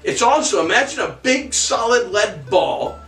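High animated man telling history. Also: measured pace, far from the mic. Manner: profane, animated, vivid storytelling. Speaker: history podcast co-host. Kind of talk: casual storytelling chat. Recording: echoey room, off-mic, faint music.

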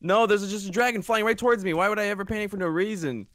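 A man's voice: high voice, quick pace, fairly bright tone, dry recording. A man co-playing a game live, joking and teasing his partner. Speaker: co-player. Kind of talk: live gameplay chat.

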